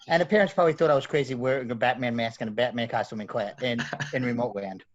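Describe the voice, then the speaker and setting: A male teacher telling an animated story about his class on a casual panel. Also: mid-range voice, fast talker. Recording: dull lo-fi audio.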